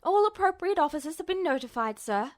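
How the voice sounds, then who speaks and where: A woman voicing a composed, dangerous female lieutenant who speaks in a crisp, deadpan way. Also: high voice, brisk. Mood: brisk, deadpan.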